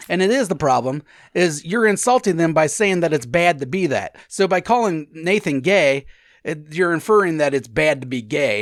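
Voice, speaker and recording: A man with a Cincinnati accent talks quickly on a podcast, his pitch swinging up and down. He's crude and rambling, cutting himself off mid-thought. The sound is close and dry. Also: no room sound. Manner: crude, rambling, self-interrupting. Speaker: podcast co-host. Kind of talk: casual podcast chat.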